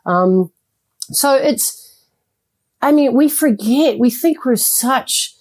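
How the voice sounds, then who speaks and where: Animated middle-aged woman with a mellow voice. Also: high-pitched, slow pace. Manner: animated, acts out quoted thoughts in a bright voice. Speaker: guest, communication coach. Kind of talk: interview conversation.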